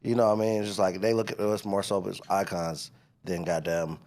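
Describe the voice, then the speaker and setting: A man's voice: deep voice, fairly quick, darkish tone. A young man from Decatur, Georgia, a rapper guest telling stories in loose, profane slang during a casual interview.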